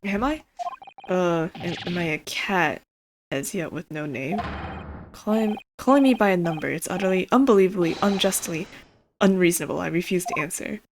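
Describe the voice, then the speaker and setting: A woman's voice: fairly low pitch, lively intonation, normal speed, background noise, pitched below the performer's own voice. Woman playing a melodramatic young student prisoner. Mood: indignant. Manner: florid, alliterative, melodramatic outbursts. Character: paranoid, theatrical young male Japanese student prisoner. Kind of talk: reading game dialogue aloud on a live stream.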